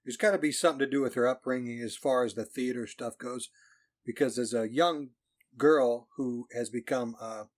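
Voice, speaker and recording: A man on a podcast giving a halting, hedged take on a novel's character. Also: mid-range voice. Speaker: podcast co-host. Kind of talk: casual book discussion.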